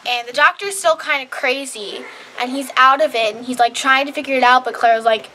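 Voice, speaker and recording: A female host gushing about a TV episode in casual, excited chat, full of "like". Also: high voice, a little fast, a crowd in the background, low-quality recording. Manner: bubbly, gushing, lots of "like". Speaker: show host reviewing an episode.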